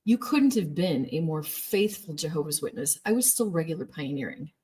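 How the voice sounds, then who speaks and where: A woman from the United States tells her own story in a slightly low voice. She is emphatic and emotional as she recounts events, and the words come with real feeling. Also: expressive, moderate pace, warm tone, slightly rough. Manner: emphatic, emotional retelling with laughs. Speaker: former Jehovah's Witness telling her story. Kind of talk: personal storytelling.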